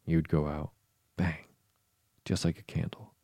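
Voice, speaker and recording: A man's voice: rumbling low, level tone, measured pace, mellow, no echo, heavily acted. A man voicing a quarrelsome, contemptuous little storybook twin. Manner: contemptuous, fussy.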